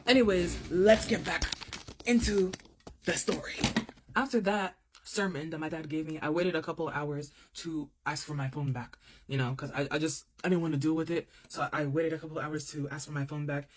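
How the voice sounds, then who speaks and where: Expressive young woman telling a story. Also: low voice, moderate pace. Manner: expressive, repeats phrases for emphasis. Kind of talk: casual storytime monologue.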